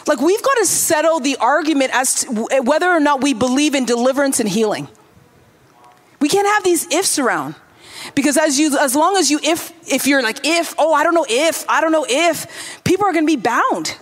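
Animated high-voiced woman pastor preaching. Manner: animated, acts out the Bible dialogue in voices; quick asides, self-interrupting. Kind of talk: sermon.

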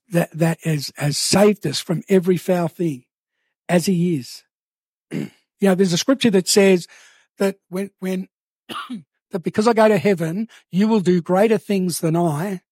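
Earnest high-voiced male preacher. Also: a little mellow, slightly rough, dry recording, clean studio sound. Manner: earnest, slows down to stress key phrases. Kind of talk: sermon.

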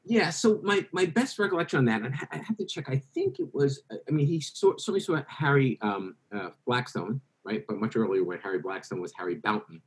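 A man who is an author, telling lively anecdotes as a guest in an interview and quoting other people in their voices. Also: medium pitch, brisk, hardly any pauses. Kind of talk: interview storytelling.

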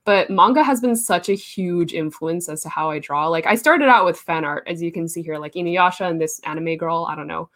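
A woman's voice: fairly low pitch, a little fast, hardly any pauses, a bit bright. A young woman artist in a casual interview, chatty and laughing often, with many fillers.

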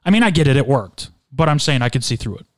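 A man's voice: mid-range voice, big pitch swings, fast, no echo, studio quality. A man co-hosting a casual podcast from an apartment, joking and arguing, often losing his words mid-sentence. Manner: joking, argumentative, trails off searching for words. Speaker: podcast co-host. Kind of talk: casual chat. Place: small apartment room.

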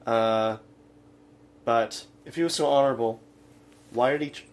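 Rambling man co-hosting a comedy show. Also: mid-range voice. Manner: rambling, halting retelling with many fillers. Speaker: radio show co-host. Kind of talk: casual comedic chat.

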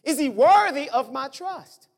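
A pastor in mid-sermon with a lively voice that swoops up and down in pitch. The delivery is conversational and animated, built on rhetorical questions thrown at the congregation. A middle-aged speaker, talking plainly and directly. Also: unhurried.

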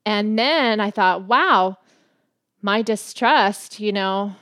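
A woman's voice: medium pitch, takes it slowly, fairly bright tone, dry recording, studio quality. A woman co-hosting a casual faith-based talk about marriage with her husband, speaking earnestly and reflectively and laughing often. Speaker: podcast co-host, wife.

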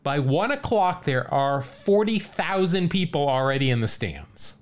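A man hosting a podcast, telling a story in casual chat, animated and laughing often as he reads out quotes. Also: on the high side, measured pace. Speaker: podcast host.

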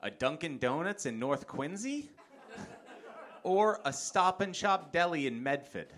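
A man's voice: fairly high pitch, measured pace. A man hosting a live comedy game show, announcing contestants and reading questions aloud. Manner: lively, upbeat announcing. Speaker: host.

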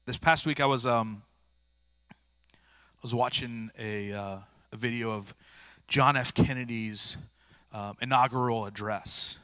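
Male preacher, earnest, plain-spoken, bright forceful voice, dry close sound. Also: mid-range voice, fairly even intonation, takes it slowly, clean tone, no room sound. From rural area. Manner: earnest, plain-spoken, informal with frequent restarts. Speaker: pastor. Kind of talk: sermon.

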